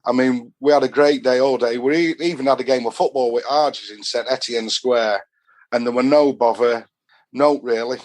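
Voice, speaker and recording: With a mid-range, darkish voice at a moderate pace, a middle-aged man with a Yorkshire accent, from Doncaster, England, guests on a podcast. He tells long, rambling, casual stories full of northern dialect.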